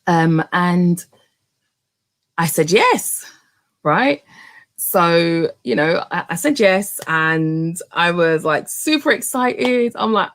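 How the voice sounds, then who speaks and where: Low, gravelly woman telling her story. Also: normal speed. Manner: animated, many fillers and restarts. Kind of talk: personal storytelling to camera.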